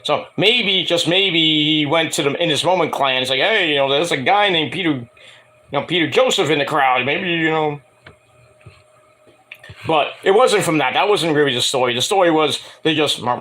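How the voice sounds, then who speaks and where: A man rambling casually to camera, swearing freely and acting out quoted people in higher voices. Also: normal speed. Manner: animated, profane, acts out quotes in higher voices. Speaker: wrestling and music vlogger.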